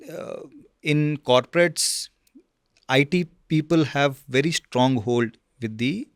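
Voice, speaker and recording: A man appears as a guest in a casual interview, telling his career story haltingly, with lots of fillers and repeated "okay?" check-ins. His pitch is medium, and the studio-quality recording has no room sound.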